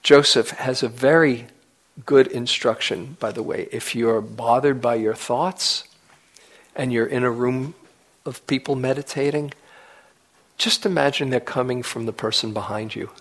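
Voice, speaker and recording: Slow, gentle male meditation teacher. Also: medium pitch, steady tone, rough recording. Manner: gentle, unhurried, with soft whispered asides. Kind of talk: dharma talk. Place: meditation retreat hall.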